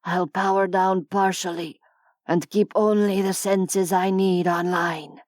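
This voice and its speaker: A woman voicing a male cyborg who speaks in a flat, mechanical way, in an audiobook. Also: mid-range voice, slow pace, no echo, studio quality, close to an everyday voice.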